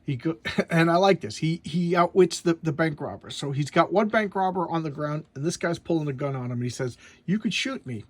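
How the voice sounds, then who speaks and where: A man's voice: fairly high pitch, fairly quick, no room sound. A man casually reviewing a comic book, rambling and often stammering and repeating his words.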